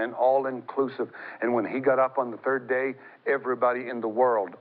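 A middle-aged man preaching a sermon, telling stories in an animated way that climbs high as he gets excited. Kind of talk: sermon with storytelling. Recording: tinny phone-like broadcast sound.

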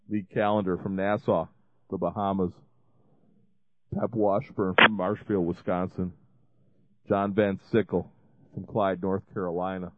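A man's voice: sits low, dry recording. A man hosting a ministry show, making a rambling fundraising appeal full of restarts and fillers. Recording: dry, phone-like lo-fi sound.

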